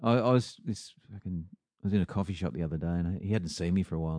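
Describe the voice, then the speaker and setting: A man's voice: low-pitched, brisk, dark tone, no room sound, studio quality. A man co-hosting a podcast, telling laid-back anecdotes full of swearing. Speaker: podcast co-host. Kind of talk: casual chat.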